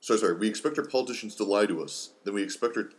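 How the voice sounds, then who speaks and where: A man's voice: lowish voice, very fast, slight background noise. A man co-hosting a podcast in casual discussion, blunt and wry. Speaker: podcast co-host.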